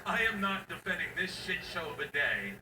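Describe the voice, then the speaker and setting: A man doing a stand-up comedy set, loud and rowdy, acting out his kids and shouting the punchlines. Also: sits high, very animated, moderate pace. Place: live comedy stage. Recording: echoey venue from far off, noisy.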